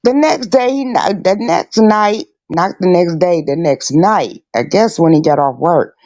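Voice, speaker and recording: A woman's voice: fairly low pitch, animated, measured pace, a little mellow, no room sound, lo-fi sound. A middle-aged woman hosting a casual chat, telling stories bluntly and with plenty of swearing. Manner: blunt, profane storyteller. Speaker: host.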